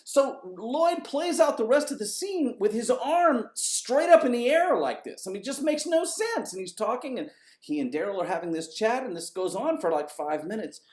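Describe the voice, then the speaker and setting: A man, an orchestra conductor, telling a story in an animated, conversational way and swearing casually. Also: very high voice, moderate pace.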